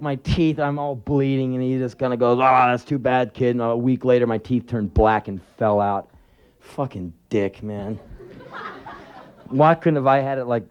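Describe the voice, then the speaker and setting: A man's voice: medium pitch, darkish tone, muffled recording. A man in his twenties doing a live spoken word set, telling stories in a sardonic, profane way and breaking into sudden yelps when he acts out voices. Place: live venue before an audience.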